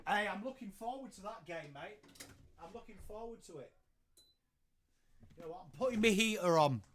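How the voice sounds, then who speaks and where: There's a crowd audible behind this English man as he runs a casual watchalong live stream from home at normal speed. His voice is slightly higher than typical for a man, and he chats easily, calling out viewers by name and replying to their messages.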